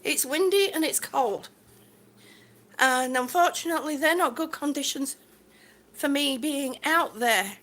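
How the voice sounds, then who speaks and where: A woman livestreaming from home as she walks, greeting viewers warmly by name and slightly out of breath, talking into a phone on a gimbal. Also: high voice, measured pace, long pauses. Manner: warm, greets viewers by name, calls them sweetie. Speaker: vlogger on a livestream. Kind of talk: chatty live stream while walking. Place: indoors at home. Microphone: phone on a gimbal held while walking.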